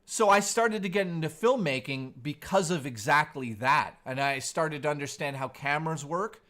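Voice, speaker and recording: Brief: male streamer host, 40s, slightly high voice, easygoing surfer-dude chat. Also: moderate pace, pushed and bright. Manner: laid-back, surfer-style slang. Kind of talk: casual live-stream chat.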